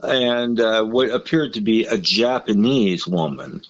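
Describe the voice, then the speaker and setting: Irish man, halting casual chat. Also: on the low side, dull audio. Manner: hesitant, many restarts and fillers. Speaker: podcast co-host.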